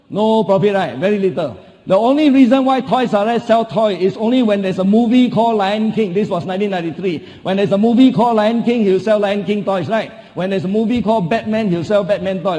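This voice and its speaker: Man, Singaporean English accent, motivational keynote, high voice, long hall reverb, emphatic, rhetorical questions. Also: mellow. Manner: emphatic, repeats key phrases, asks the audience rhetorical questions. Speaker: motivational speaker. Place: large conference hall.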